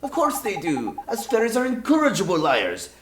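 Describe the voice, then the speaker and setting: A man's voice: sits high, huge pitch swings, normal speed, noisy background, voice pushed up. Man doing a cheeky little Irish fairy. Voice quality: loud, lilting, cheeky. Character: small cheeky male fairy, fibbing and flippant. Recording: roomy room with game music.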